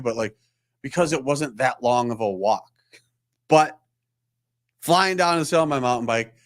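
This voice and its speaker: A man's voice: fairly high pitch, a bit bright. A man, a chiropractor hosting a live show, telling a rambling, self-deprecating story in casual chat. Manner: rambling, self-deprecating, acts out quoted voices.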